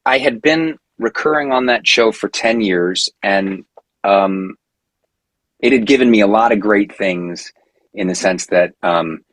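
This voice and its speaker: A man in his forties, a guest on a podcast, telling a long personal story in a casual, animated way with many fillers and restarts. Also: lowish voice, unhurried, no echo, poor audio.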